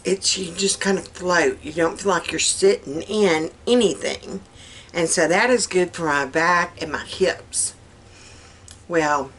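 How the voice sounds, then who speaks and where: A Southern woman vlogging from her kitchen, talking in an unhurried, drawn-out way. Her tone is folksy and easygoing, and laughter keeps breaking into her chatter. A faint hiss of noise sits under her voice. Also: lowish voice, a bit bright. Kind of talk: casual chatty vlog. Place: home kitchen.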